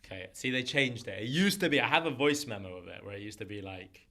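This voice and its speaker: A man in his thirties, a comedian guest chatting casually on a podcast in an animated, jokey way and quick to laugh. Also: lowish voice. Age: 30s.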